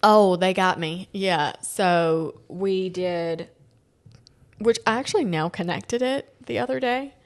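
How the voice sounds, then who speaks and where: A woman hosting a family podcast, telling stories in a casual, animated way, quoting people and laughing often. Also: lowish voice, takes it slowly. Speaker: podcast host. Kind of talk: casual chat.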